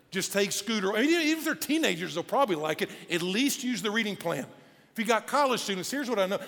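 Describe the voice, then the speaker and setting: A male pastor preaching a sermon in a conversational, animated way with casual asides, speaking. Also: sits high. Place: church auditorium. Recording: long church hall reverb with faint music.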